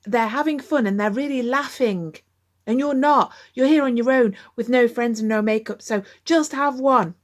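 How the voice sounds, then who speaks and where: A woman's voice: on the high side, normal speed, pitched above the performer's own voice, close to an everyday voice. A woman voicing her own inner addict, a needling, guilt-tripping voice that taunts her. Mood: taunting.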